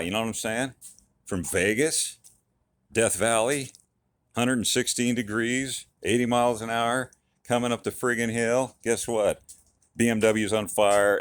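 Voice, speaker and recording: Folksy deep-voiced man in his garage. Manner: folksy, enthusiastic, rambling with fillers. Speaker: car hobbyist vlogger. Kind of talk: casual DIY car vlog.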